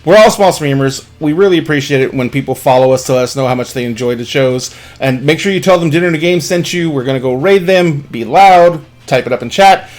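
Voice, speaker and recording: A man's voice: fairly high pitch, brisk, few pauses. Upbeat man hosting a stream sign-off. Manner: upbeat, rambling with fillers. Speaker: stream host.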